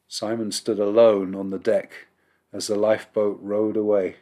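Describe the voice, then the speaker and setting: A rabbi reading a holiday children's story aloud in a measured, expressive storybook narration. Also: male voice, on the low side.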